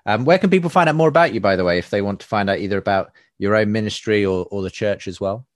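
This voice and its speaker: A podcast host with a fairly low voice talks fast in a friendly, conversational interview. The recording is dry with clean studio sound, fitting the casual interview chat.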